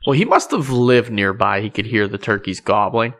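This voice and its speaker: A man's voice: fairly low pitch, lively intonation, normal speed, fairly bright tone. A man hosting a podcast in easy casual chat, agreeing and laughing along with his guest. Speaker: podcast host.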